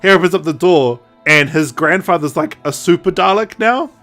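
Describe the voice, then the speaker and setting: A young man hosting a podcast, retelling a story in a casual, animated way, quoting characters in quick put-on voices and laughing often. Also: fairly high pitch, soft background music. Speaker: podcast host. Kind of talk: casual chat recapping a story.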